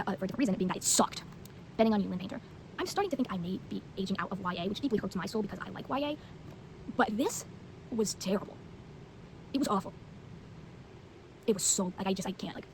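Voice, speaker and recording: A woman's voice: mid-range voice, fast talker, long pauses, slight background noise, low-quality recording. A teenage girl chatting casually about books she has read, rambling with lots of fillers and blunt opinions. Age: teens. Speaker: vlogger. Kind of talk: casual book review chat.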